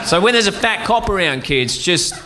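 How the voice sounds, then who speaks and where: A man's voice: high voice, lively intonation, normal speed. A man doing stand-up on a comedy club stage with a dry, wry, mock-earnest delivery. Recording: very noisy live stand-up recording.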